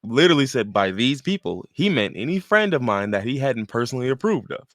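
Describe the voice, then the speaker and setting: A young man co-hosting a casual podcast, animated and laughing often, reading out posts in mocking voices. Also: mid-range voice, fast talker, dry recording, studio quality. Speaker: podcast co-host. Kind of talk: casual chat.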